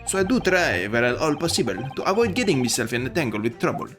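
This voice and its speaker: A man's voice: medium pitch, big pitch swings, fast talker, fairly bright tone. A man voicing a shrewd middle-aged moneylender in a put-on Irish accent, sly and folksy, over game music. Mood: evasive. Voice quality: folksy, sly, rolling phrases.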